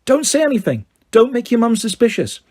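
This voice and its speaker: A man voicing a gentle, sad young schoolgirl who speaks softly and wistfully, reading a storybook aloud. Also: extremely high pitch, very animated, brisk, pitched above the performer's own voice, exaggerated voice.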